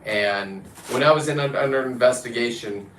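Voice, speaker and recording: A man's voice: medium pitch, normal speed, a bit bright. Blunt, rambling man in a roomy space. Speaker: free diver and vlogger. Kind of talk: casual rambling chat to camera. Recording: roomy echo with faint background noise.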